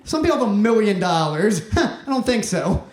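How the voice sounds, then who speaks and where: Young guy doing standup, kinda high voice, dry deadpan jokes, echoey club. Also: normal speed. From Mississippi, US. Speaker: stand-up comic. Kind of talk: stand-up comedy set. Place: comedy club stage. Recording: roomy club sound, faint noise.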